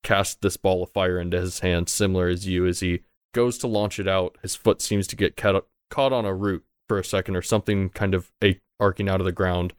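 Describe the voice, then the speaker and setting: Low, smooth-voiced male game master. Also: fairly even intonation, a little fast, few pauses, dry recording, studio quality. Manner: loose and conversational, swears casually. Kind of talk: narrating a tabletop game.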